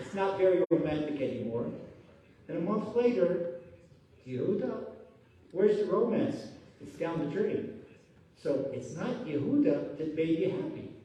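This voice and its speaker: A rabbi giving a Torah lesson, telling stories with lively voiced quotes. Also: male voice, sits high. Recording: echoey hall from far off.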